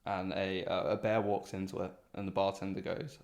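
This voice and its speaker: A man's voice: low-pitched, little pitch movement, moderate pace, vocal fry, a little mellow. A man, co-hosting a podcast and rambling through a long joke in casual chat. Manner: rambling, giggles at his own joke. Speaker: podcast co-host.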